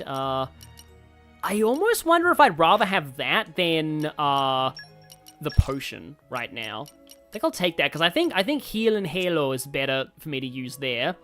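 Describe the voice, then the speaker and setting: A man's voice: fairly high pitch, very animated, normal speed, sharp tone. A man streaming a game, thinking aloud in a rambling casual way with many fillers. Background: faint game music.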